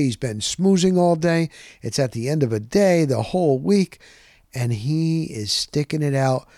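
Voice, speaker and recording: A man hosting a podcast, telling a rambling, excitable story in a casual monologue and punching points with "boom.". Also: dry recording, studio quality. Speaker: podcast host.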